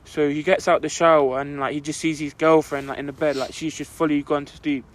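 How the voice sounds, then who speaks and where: A man's voice: on the high side, little pitch movement, brisk. A young man, co-hosting a podcast and telling a long story in casual chat, rambling and filling his talk with "like". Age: young adult. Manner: rambling, fills with "like" constantly. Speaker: podcast co-host.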